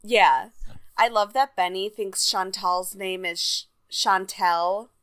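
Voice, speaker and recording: A woman's voice: mid-range voice, fairly even intonation, takes it slowly, fairly bright tone, no echo. Young woman in casual podcast recap. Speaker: podcast co-host. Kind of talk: casual chat recapping a TV show.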